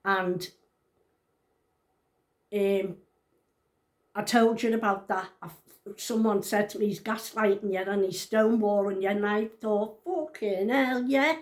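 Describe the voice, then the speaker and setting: A woman's voice: mid-range voice, level tone, a little slow, pauses often. A woman in her sixties telling her story to camera in a casual vlog. She is blunt and outspoken, swears freely and repeats her points for emphasis. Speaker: vlogger.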